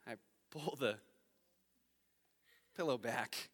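A man's voice: mid-range voice, takes it slowly, in a large hall. A man preaching a sermon, telling a personal story and acting out the voices in it, laughing at himself as he goes. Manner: animated, acts out quotes in his story, laughs at himself. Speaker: pastor.

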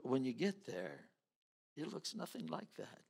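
A man's voice: mid-range voice, wildly swooping pitch, measured pace, gravelly, darkish tone, husky. A man preaching a sermon in a conversational way, acting out the voices of the people he quotes. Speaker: pastor. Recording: reverberant hall.

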